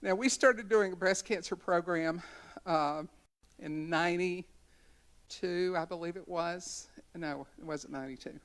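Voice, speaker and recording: A woman's voice: fairly low pitch, a little slow. A woman in her sixties, a community educator, giving a storytelling talk at a symposium in a college conference center.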